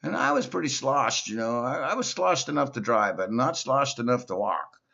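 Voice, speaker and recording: A male comedian performs a stand-up monologue as a slow, simple-minded character, telling silly stories. His mid-range voice is sing-song, gravelly, pushed and bright, and the recording sounds dull and lo-fi.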